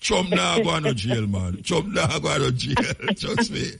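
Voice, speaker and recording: Gravelly Jamaican man, raspy. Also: fairly high pitch, sing-song, unhurried, fairly bright tone. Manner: chatty, laughing asides, patois phrasing. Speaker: radio talk show host. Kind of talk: casual radio chat.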